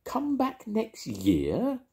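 A man's voice: high voice, wildly swooping pitch, drawn-out words, dark tone, voice pushed up, exaggerated voice. A grandfather voicing a polite, earnest young bear in a storybook reading, with a raised, lighter voice. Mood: indignant.

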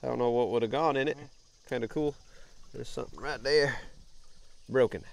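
A young man, chatting excitedly to viewers while wading a creek, sniffling from allergies. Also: medium pitch, normal speed, vocal fry. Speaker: bottle-hunting vlogger. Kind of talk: casual outdoor vlog narration. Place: outdoors in a creek.

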